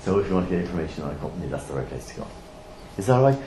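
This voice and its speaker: Blunt, lively man teaching a class. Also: low-pitched, quick pace. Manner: lively, blunt, asks rhetorical questions. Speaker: trainer. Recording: roomy echo, faint background noise.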